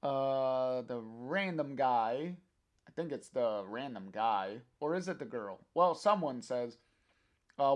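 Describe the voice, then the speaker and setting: A man's voice: medium pitch, animated, slow. A man reading a comic aloud on a stream, narrating the panels hesitantly with many fillers.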